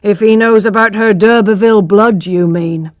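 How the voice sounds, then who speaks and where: A woman's voice: medium pitch, moderate pace, dry recording, lightly acted. A woman voicing a boastful, greedy village father who haggles and keeps dropping his price, read in a dry, close storybook narration. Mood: drowsy.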